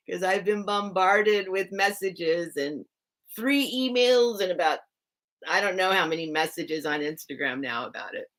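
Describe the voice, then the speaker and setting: A woman's voice: mid-range voice, bright, forceful tone. A woman hosting a live sale stream, casually telling a personal story to her chat, full of "like" fillers and greeting viewers by name.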